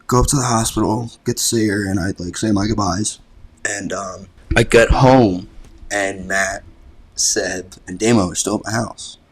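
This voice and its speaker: A deep-voiced young adult man, a college lacrosse player guesting on a podcast, tells stories in a casual chat. He's laid-back and rambling, swearing freely and filling gaps with "like."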